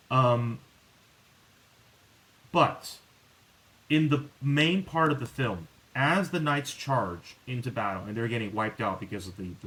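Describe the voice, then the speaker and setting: A man's voice: mid-range voice, low-quality recording. A man hosting a podcast, chatting casually and rambling with many restarts. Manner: rambling, many restarts and fillers, animated when exasperated. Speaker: podcast host. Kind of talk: casual chat.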